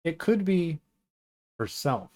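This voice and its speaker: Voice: medium pitch, big pitch swings, takes it slowly, a little mellow. A co-host of a book club podcast, chatting casually about a novel with dry, sarcastic remarks.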